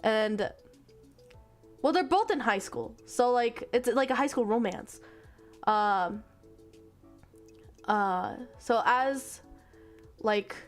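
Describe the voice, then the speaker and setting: A woman's voice: a little high, lively intonation, slow pace, pauses often, soft background music. A young woman streaming, casually retelling a story in a rambling way, full of 'like' and the odd swear.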